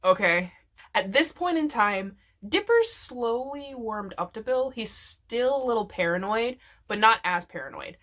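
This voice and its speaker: A woman's voice: fairly high pitch, expressive, a little slow, fairly bright tone. A woman vlogger casually telling a rambling, profanity-laced story, laughing often as she goes.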